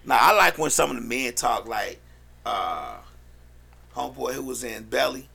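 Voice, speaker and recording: A man co-hosting a casual podcast chat, blunt, loud and profane, laughing often. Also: medium pitch, animated, moderate pace. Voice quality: gravelly. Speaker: podcast co-host.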